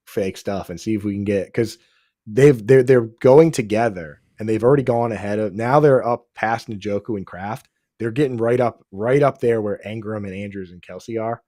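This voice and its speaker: A man hosting a casual fantasy football podcast, talking excitedly, restarting sentences and calling his guest dude and bro. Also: lowish voice, normal speed, no echo, clean studio sound. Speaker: podcast host.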